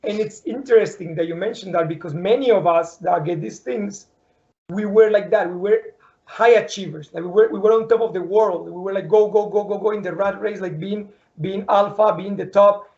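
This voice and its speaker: A man's voice: high voice, a little fast, a little mellow, muffled recording. A man hosting an interview, talking earnestly and restarting his words often. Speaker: podcast host. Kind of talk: emotional interview conversation.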